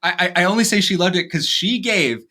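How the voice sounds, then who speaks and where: A man hosting a casual podcast chat. He is excitable and laughs often. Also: high-pitched, brisk. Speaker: podcast host.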